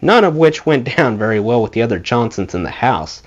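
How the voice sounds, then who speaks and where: A man reading a memoir aloud as an audiobook, with an expressive delivery. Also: mid-range voice, fairly quick. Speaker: audiobook reader. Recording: dull lo-fi recording.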